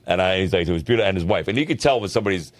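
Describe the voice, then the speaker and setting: A man's voice: sits low, animated, very fast, no echo. A man co-hosting an advice podcast, telling a long story in casual chat, swearing freely and checking in with "right?" as he goes. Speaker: podcast co-host.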